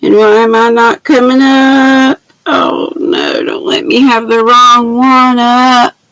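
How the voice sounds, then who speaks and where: An older woman hosting a casual craft livestream, warmly greeting viewers by name with pet names and laughing often, speaking into a laptop mic at home. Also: a little high, flat delivery, slow pace, no echo, rough recording. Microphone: laptop built-in mic.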